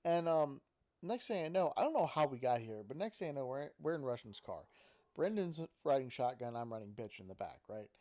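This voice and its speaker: A man's voice: medium pitch, big pitch swings, brisk, darkish tone. A man telling a story in a casual, rambling, profane way, with frequent restarts.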